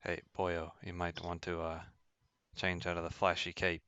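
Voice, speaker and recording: A man's voice: low voice, completely flat delivery, normal speed, pushed and bright, clean tone, no echo, lo-fi sound. A man voicing a brash male Irish hero in a tabletop game, with a put-on Irish accent and blunt, chummy banter.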